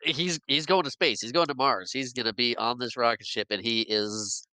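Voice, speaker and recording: A man's voice: mid-range voice, sharp tone, no room sound. Giggly man in casual podcast chat. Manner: giggly, halting, restarts a lot. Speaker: podcast co-host. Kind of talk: casual movie recap chat.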